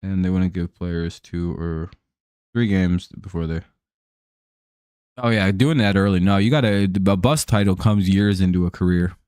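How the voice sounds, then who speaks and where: A man's voice: sits low, normal speed, darkish tone, clean tone, no room sound, studio quality. An American man hosting a live stream, chatting casually over a baseball game in a rambling, profane way with lots of fillers. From United States.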